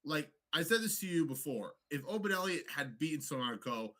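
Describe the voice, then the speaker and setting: A man co-hosting a podcast in loose, profane banter about fights. His voice sits a bit high and swings up and down in pitch. The tone is bright and sharp. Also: fairly quick. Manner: animated and profane, slips into mock voices. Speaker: podcast co-host. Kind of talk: casual sports banter.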